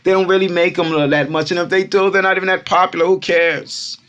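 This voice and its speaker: A man's voice: high voice, brisk, clean tone, dull audio. A man from Brooklyn, hosting a casual crypto vlog and talking animatedly to his followers. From Brooklyn, New York. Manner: animated, repetitive, keeps addressing fans as Kumas. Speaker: crypto channel host.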